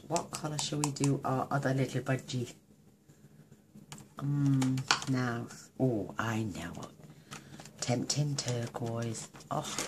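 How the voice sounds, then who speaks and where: A woman with a remarkably deep voice and a gravelly edge gushes over her colouring, thinking aloud through a card-making tutorial. A faint hiss sits under her talk. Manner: gushing, chatty, thinks aloud while colouring. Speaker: craft demonstrator.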